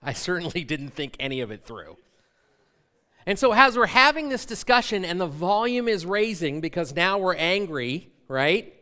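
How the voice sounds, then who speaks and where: A middle-aged man preaching a sermon, telling a personal story in an animated, self-mocking way. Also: high voice, normal speed. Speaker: pastor.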